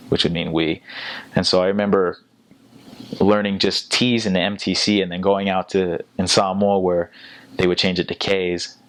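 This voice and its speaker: A young man with an American accent talks in a low, level voice, recorded close and dry. He tells his story casually and loosely, restarting phrases and leaning on fillers as he goes. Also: no echo. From United States. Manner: relaxed and halting, with many fillers and restarts. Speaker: returned missionary.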